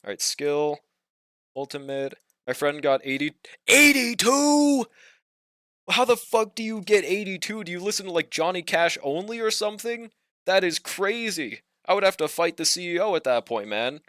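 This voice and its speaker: A man's voice: a little high, lively intonation, normal speed, a bit bright, dry recording, clean studio sound. A young man streaming a game, chatting casually with viewers, slangy and laid-back, swearing and laughing often. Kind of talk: casual livestream chat while gaming.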